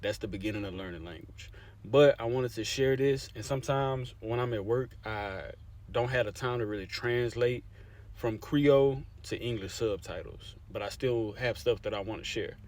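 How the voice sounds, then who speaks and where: A young Louisiana man with a mid-range, slightly mellow voice speaks at normal speed. He's a language advocate in a casual to-camera talk, explaining things conversationally, checking in with his listeners often, and repeating "you see what I'm saying."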